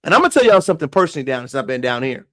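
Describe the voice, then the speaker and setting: A man's voice: mid-range voice, sing-song, very fast. A man giving impassioned live-stream commentary, emphatic and preachy, who keeps calling his viewers y'all. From moved to Texas from elsewhere.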